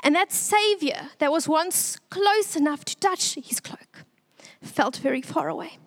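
A young woman giving an earnest, tearful church testimony, pausing often. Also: very high-pitched.

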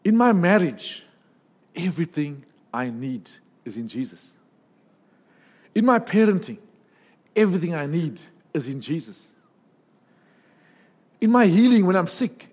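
A man preaching a sermon in a lively, humorous way, with asides and jokes. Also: fairly high pitch, measured pace, pauses often, breathy edge, big-room sound.

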